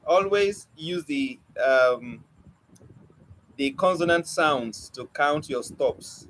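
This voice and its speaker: A man's voice: a little high, expressive, takes it slowly, a bit bright, a little hiss or hum, rough recording. A young man teaching an online poetry lesson, coaxing and questioning his students with light teasing. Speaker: poetry mentor.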